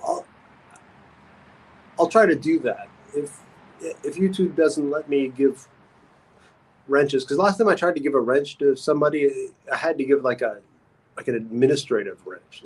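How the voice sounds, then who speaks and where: A man's voice: mid-range voice, moderate pace, slightly rough, low-quality recording. A man hosting a casual livestream, reading comments aloud and rambling with repeated phrases and stammers. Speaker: livestream host.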